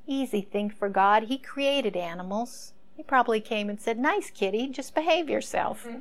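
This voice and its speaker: A woman teaching a Bible story in a conversational way, musing aloud and asking rhetorical questions. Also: fairly high pitch.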